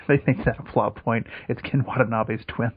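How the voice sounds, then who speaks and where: Husky man tossing jokes on a podcast. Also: medium pitch, fairly even intonation, normal speed, dull audio. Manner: dry jokey asides, swearing. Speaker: podcast co-host. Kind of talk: casual movie chat.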